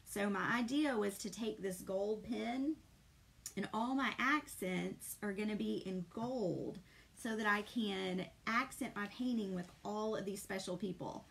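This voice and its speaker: A woman's voice: mid-range voice, a little slow, gravelly, fairly bright tone. A middle-aged woman, chatting with viewers and greeting them by name while she paints live. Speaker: painting instructor. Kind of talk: live-streamed craft session.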